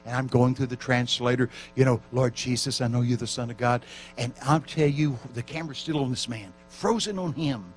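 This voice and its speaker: A man preaching at a church camp meeting, telling stories with lively acted-out voices and shouting for emphasis. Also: mid-range voice, a little fast, soft background music. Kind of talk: storytelling sermon.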